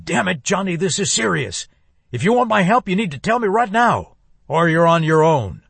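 A man's voice: a little high, expressive, normal speed, vocal fry, a bit bright, husky, no echo, voice pushed up, heavily acted. A man voicing a stern old grandfather who barks orders and demands answers. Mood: stern demanding. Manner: barking, commanding. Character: stern, gruff old grandfather, domineering patriarch.

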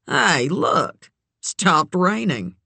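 A woman voicing an easygoing middle-aged man just out of prison, talking calmly and coaxingly in a storybook reading. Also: fairly low pitch, extremely slow, gravelly, husky, no room sound, full character voice.

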